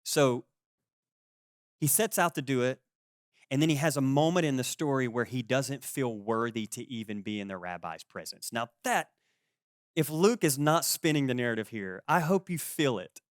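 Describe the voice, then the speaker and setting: A man in his forties preaching a sermon as pastor, conversational and lively, acting out the people he quotes. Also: mid-range voice, normal speed, no room sound, clean studio sound. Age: 40s. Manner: conversational, animated, acts out quoted voices.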